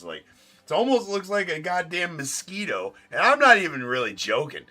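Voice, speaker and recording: A man's voice: on the low side, bright, forceful tone. A man hosting a live card break stream, chatting casually and joking as he opens packs, with the odd swear.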